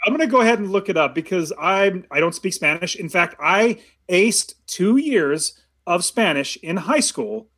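Man, high voice, casual film chat, restarts a lot, laughs often. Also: lively intonation, moderate pace, sharp tone. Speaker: podcast co-host. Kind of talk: casual movie discussion.

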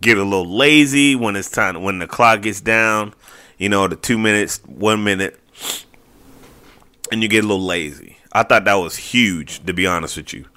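A man's voice: lowish voice, normal speed, sharp tone. A man hosting a solo sports podcast, talking casually and animatedly with lots of fillers. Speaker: podcast host.

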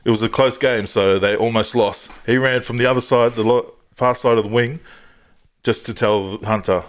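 A man's voice: medium pitch, fairly even intonation, normal speed. Laughing man hosting a podcast. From Australia. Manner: laughs often, crude matey joking. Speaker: podcast host. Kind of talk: casual banter.

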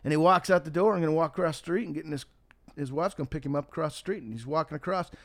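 A man's voice: a little high, rapid-fire, no echo. Folksy guy telling a joke then talking politics, gets punchy, dry sound. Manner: folksy storyteller, emphatic, forceful when riled.

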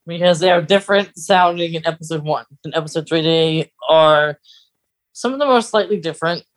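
Brief: mid-pitched co-host, chatty and giggly, dry sound. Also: dry recording. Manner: chatty, giggly, quick interjections. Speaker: podcast co-host. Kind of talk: casual chat.

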